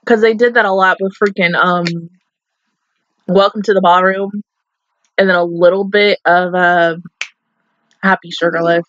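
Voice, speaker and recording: A young woman giving casual, expressive reaction commentary, talking back to the screen, swearing and laughing often. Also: lowish voice, unhurried, pauses often, highs cut off. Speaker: anime reaction YouTuber.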